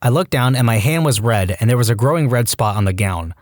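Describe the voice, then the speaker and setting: A man reading Reddit stories aloud as a podcast narrator, animated and quick to jump into acted quotes. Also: mid-range voice, no echo, studio quality.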